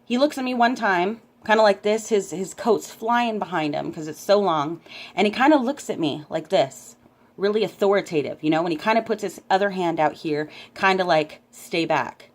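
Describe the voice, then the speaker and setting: A woman telling a story to her camera in a casual, animated way, often checking in with "right?". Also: medium pitch, normal speed. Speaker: vlogger recounting a dream.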